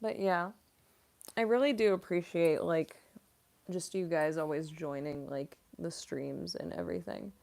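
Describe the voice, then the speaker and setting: A woman's voice: lowish voice, measured pace, vocal fry, a little mellow. A young woman voice actress chatting casually on a livestream Q&A, rambling with lots of fillers and frequent giggles. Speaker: voice actress streamer.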